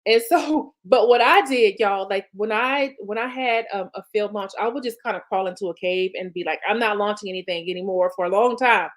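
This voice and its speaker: A woman's voice: medium pitch, normal speed, few pauses. A woman business coach, talking viewers through planning in a chatty, encouraging way. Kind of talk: live-streamed coaching talk.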